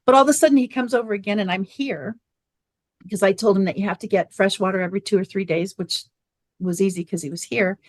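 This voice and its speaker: A middle-aged woman, a guest on an interview show, telling a lively personal story and acting out family dialogue. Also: mid-range voice, fast, no room sound. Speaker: guest, water machine business owner.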